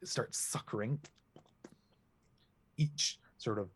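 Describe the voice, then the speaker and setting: A man's voice: medium pitch, takes it slowly, a little hiss or hum. A man serving as game master, narrating a tabletop game in rambling, searching descriptions.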